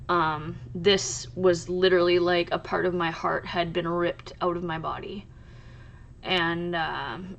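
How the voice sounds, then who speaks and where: A woman hosting a crochet channel, talking casually to camera in a soft, halting way with many pauses and restarts. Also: lowish voice, slight background noise.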